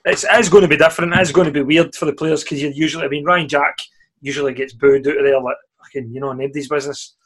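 Chatty Scottish man, slightly high voice. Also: steady tone, quick pace, fairly bright tone, husky. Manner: chatty, swears freely, laughs often. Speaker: podcast co-host. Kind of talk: casual football chat.

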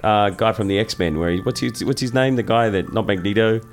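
A man's voice: fairly low pitch, a little fast, soft background music. A man interviewing a guest in a playful, joking way, chatty and curious. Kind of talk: casual interview chat.

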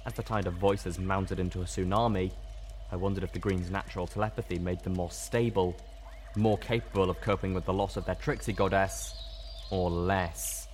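A man narrating a first-person fan fiction story in a steady, measured way. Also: low voice, a little hiss or hum. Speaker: audiobook reader.

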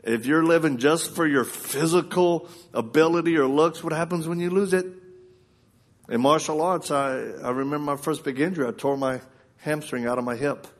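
A man's voice: a little high, moderate pace. A man preaching at a live service, telling a story with lots of laughter and acting out the voices of the people in it. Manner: animated, laughing storyteller who acts out quoted voices. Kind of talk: storytelling sermon.

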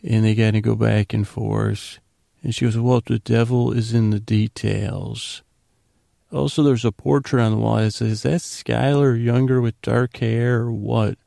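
A man with a low, heavily gravelly voice rambles through a casual comedy recap. His tone is dark and mellow, and the sound is dry and close. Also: steady tone, no echo. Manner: rambling, retells scenes with quick quoted lines. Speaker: podcast host recapping a TV episode.

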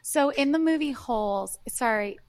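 A woman's voice: high-pitched, expressive, normal speed, a little mellow, no echo. Chatty young woman podcast co-host. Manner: chatty, laughs easily. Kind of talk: casual chat.

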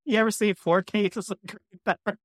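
A man who is a podcast guest, telling stories in a casual, animated way, acting out other people's lines and laughing as he goes. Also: high voice, normal speed, dry recording, clean studio sound. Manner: animated, acts out quotes in shifting voices. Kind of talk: casual storytelling.

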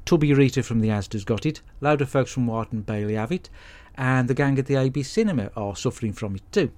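A man's voice: medium pitch, a little mellow. A middle-aged man, giving a blunt, sweary comic monologue as podcast host. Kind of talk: comic monologue with film recap.

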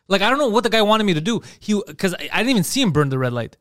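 A man rattles off his stories at high speed in a slightly raised voice, cursing freely and acting out his own outbursts. The sound is dry and close, with no room around it. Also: very fast, no room sound. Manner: animated storytelling, heavy swearing, acts out his own outbursts. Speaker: podcast co-host. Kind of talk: casual podcast chat.

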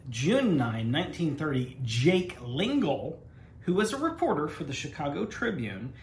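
A man's voice: fairly high pitch, sing-song, unhurried. A man co-hosting a podcast, teasing his partner and telling history anecdotes in a wry, casual way. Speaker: podcast co-host. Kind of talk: casual chat. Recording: roomy with faint noise.

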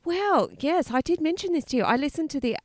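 A woman's voice: high voice, lively intonation, no room sound, clean studio sound. A woman co-hosting a comedy podcast, talking casually with a stuffy cold, giggling often and swearing freely. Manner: giggly, swearing, quick to laugh. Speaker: podcast co-host. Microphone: close podcast mic.

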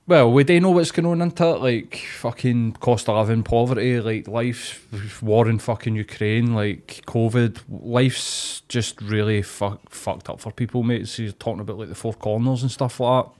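A man's voice: mid-range voice, steady tone, normal speed, few pauses, darkish tone. Sweary man chatting. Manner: sweary, reassuring, backchannels a lot. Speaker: podcast co-host. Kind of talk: casual chat.

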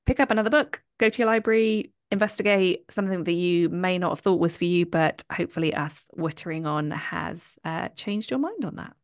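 A woman co-hosting a book podcast, chatting in a bubbly way with quick asides and frequent laughs. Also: fairly low pitch. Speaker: podcast co-host. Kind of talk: casual chat.

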